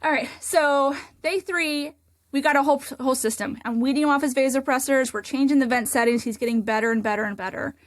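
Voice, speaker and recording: A woman who works as an ICU nurse and hosts a podcast, telling a story in a casual, animated way, full of "like" fillers. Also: high-pitched, fast, no room sound, studio quality. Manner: animated, chatty, many "like" fillers.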